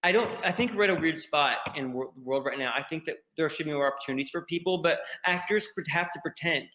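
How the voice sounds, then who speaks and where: A man's voice: on the high side, fast, bright, forceful tone. A man with a Southern US accent answering fan questions on a virtual panel, candid and joking, rambling with many restarts. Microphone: computer mic on a video call. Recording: roomy, echoey room sound.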